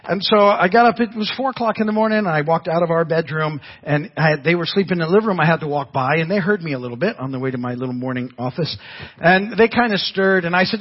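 A man's voice: a little high, expressive, fast talker. An older man preaching a sermon as pastor, telling folksy stories with frequent restarts. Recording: dull lo-fi church audio.

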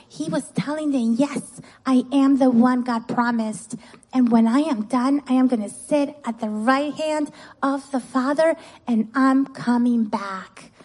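Woman, children's church teacher, husky, slightly high voice, lively storytelling, keeps asking the kids questions. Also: a little slow, poor audio. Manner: animated, keeps asking "right?" and "guess what?". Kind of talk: telling a Bible story to children.

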